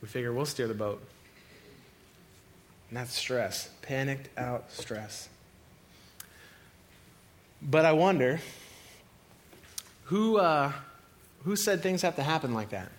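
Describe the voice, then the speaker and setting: Animated male preacher. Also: medium pitch, slow, pauses often. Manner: animated preaching with cries to God. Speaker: pastor. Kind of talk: sermon.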